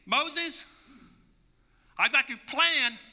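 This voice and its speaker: A preacher voicing God, calm and sure. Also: male voice, extremely high pitch, very slow, in a large hall, pitched above the performer's own voice, exaggerated voice. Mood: assured. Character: God, a calm and confident male deity.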